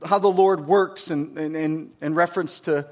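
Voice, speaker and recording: High-voiced man preaching a fervent sermon. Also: moderate pace. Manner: builds from calm teaching to fervent, emphatic preaching; asks the congregation rhetorical questions. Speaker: pastor.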